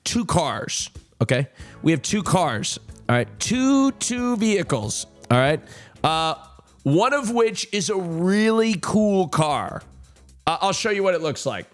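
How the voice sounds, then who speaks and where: A high-voiced man streams live and chats with his viewers, his pitch swinging widely as he talks. He speaks slowly, swears freely and circles back over his own words. Faint music plays behind him. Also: very animated. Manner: profane, repetitive storytelling addressing chat. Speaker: livestreamer. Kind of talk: casual live-stream chat.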